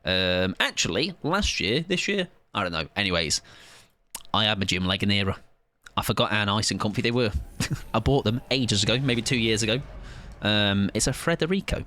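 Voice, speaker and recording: A man's voice: lowish voice, lively intonation, moderate pace, pushed and bright. A young man streaming a game live, chatting in a joking, self-mocking, rambling way.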